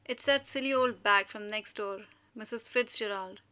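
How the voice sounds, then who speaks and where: A woman's voice: medium pitch, normal speed, bright, forceful tone, smooth, lightly acted. A woman voicing a spoilt young son who talks back sulkily and indignantly to his mother. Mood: sulky, indignant. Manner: sulky and indignant.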